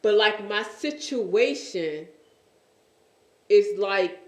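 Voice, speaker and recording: A woman hosting a faith-based talk show, speaking earnestly and often pausing to search for words. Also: mid-range voice, animated, roomy sound. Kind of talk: faith-based casual chat.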